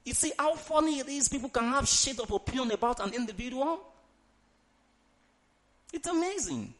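A male preacher, delivering an emphatic sermon, reading scripture dramatically and urging the congregation to answer out loud. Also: very high voice, very animated, normal speed. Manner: emphatic, calls for congregation responses; reads scripture aloud in a dramatic tone.

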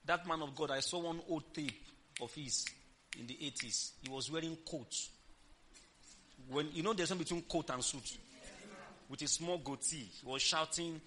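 A man preaching a sermon, animated, moving from low asides to shouted declarations and leading the congregation in call-and-response. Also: a little slow, pauses often, slight background noise.

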